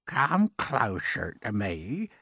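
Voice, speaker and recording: A man voicing a tiny, mysterious old man in a storybook reading, slow and creaky, coaxing in a low hush. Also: huge pitch swings, dry recording, clean studio sound, heavily acted. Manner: coaxing, whispering. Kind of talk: storybook character voice.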